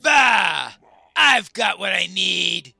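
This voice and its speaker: A man's voice: sits high, animated, very slow, gravelly, bright, forceful tone, dry recording, raised voice, faint music behind, heavily acted. A man voicing a brutal male orc captain who bellows threats down a tower. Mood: gloating.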